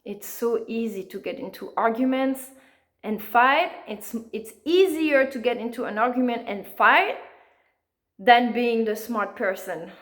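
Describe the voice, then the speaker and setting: A woman's voice: fairly high pitch, measured pace. A woman, an author being interviewed, talking earnestly in a conversational way with frequent fillers. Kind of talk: conversational storytelling.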